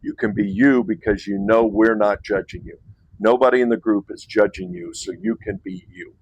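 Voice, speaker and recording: Man hosting a retreat, lowish voice, loose rambling talk with restarts. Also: expressive, normal speed, breathy edge, poor audio. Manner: rambling, restarts and self-corrections, chuckles. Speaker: men's retreat host. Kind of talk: casual invitation to camera.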